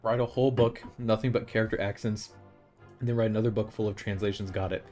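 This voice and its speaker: A man's voice: lowish voice, fairly even intonation, fast, a little mellow, faint music behind. A young man chatting casually on a live stream while playing a game, rambling and opinionated, with frequent restarts.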